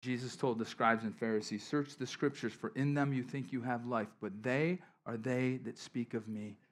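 A man preaching a sermon, telling a personal story in a casual, conversational way, dropping to soft asides and rising to emphatic bursts. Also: mid-range voice, steady tone, normal speed. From western New York. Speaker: pastor.

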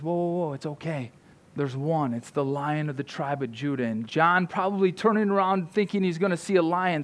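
A man delivers a sermon in a relaxed, conversational manner. His voice sits a little higher than most men's. He often stops to check in with his listeners with "right?". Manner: conversational preaching, frequent "right?" asides. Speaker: pastor.

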